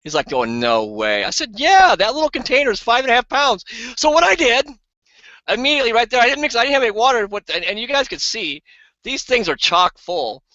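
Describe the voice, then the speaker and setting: A man co-hosting an online product hangout, telling casual stories with lively acted-out quotes. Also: brisk, no room sound, dull audio. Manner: animated, acts out quoted people in higher voices. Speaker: co-host of an online sales hangout. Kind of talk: casual storytelling and sales pitch. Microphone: video call.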